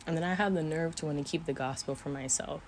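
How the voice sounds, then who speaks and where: This twenties vlogger speaks at a quick pace in a voice that sits low, talking earnestly to camera about her faith. She gets teary-eyed at times and laughs a little, and the camera mic picks up slight background noise.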